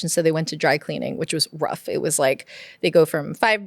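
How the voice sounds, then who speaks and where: A woman, a puppeteer and podcast guest from the United States, tells family stories in a casual, animated way, laughing often and using lots of "like". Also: low-pitched, a little fast, no room sound, studio quality. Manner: animated, laughs often, mimics her parents' voices; heavy use of "like" as filler. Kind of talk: casual conversational storytelling.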